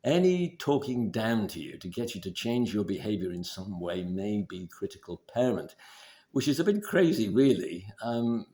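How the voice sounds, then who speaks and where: A man giving relationship advice in a measured, deliberate instructional talk. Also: on the low side. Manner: measured, deliberate, steady explaining.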